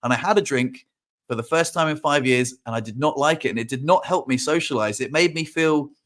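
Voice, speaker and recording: A man's voice: medium pitch, brisk, a bit bright. A young adult man telling a story in casual chat, rambling with restarts and acting out quotes. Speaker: podcast host.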